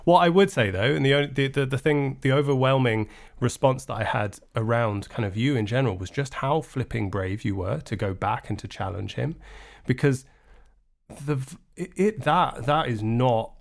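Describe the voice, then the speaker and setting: A male interview host responding earnestly to a guest, halting with restarts. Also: medium pitch, creaky. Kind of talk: interview conversation.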